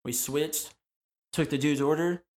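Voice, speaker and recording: A man's voice: fairly high pitch, steady tone, unhurried, a little mellow. A man co-hosting a podcast, joking and laughing as he swaps old work stories. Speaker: podcast co-host. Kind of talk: casual chat.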